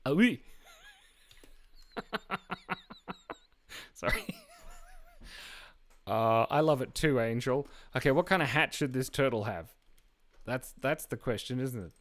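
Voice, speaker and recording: A man's voice: mid-range voice, unhurried, long pauses, fairly bright tone. A man hosting a live drawing stream, chatting casually and playfully while reading viewer comments aloud. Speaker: live-stream artist host.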